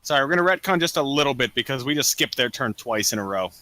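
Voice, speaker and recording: A young man runs a tabletop game, narrating the action in a bright, sharp voice that swings widely in pitch. He stumbles often on ums and uhs and swears casually. The sound is close and dry. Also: expressive, no room sound. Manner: halting, full of ums and swearing. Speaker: dungeon master. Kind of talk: running a tabletop game over voice chat.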